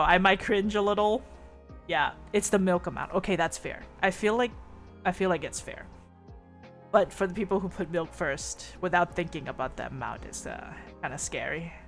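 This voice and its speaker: A woman's voice: lowish voice, creaky, a bit bright. A woman streamer chatting casually with viewers, reading their messages, rambling with lots of fillers, teasing, and giggling often.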